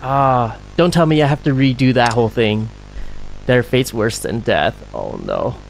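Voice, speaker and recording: A man giving live gameplay commentary as a streamer, excitable and panicky, laughing often. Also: mid-range voice, a little slow, vocal fry, a little hiss or hum. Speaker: game streamer.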